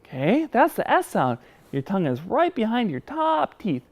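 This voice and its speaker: Animated man hosting a kids' speech lesson. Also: high-pitched, normal speed. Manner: animated, talks straight to kids at home. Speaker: children's speech teacher and show host. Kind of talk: children's educational show.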